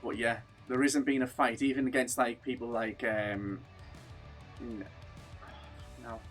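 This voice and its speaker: A man talks in a relaxed, rambling way on a chat podcast, excited as he retells scenes. His pitch sits in the middle, and faint music plays underneath. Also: unhurried. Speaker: podcast co-host. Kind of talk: casual chat.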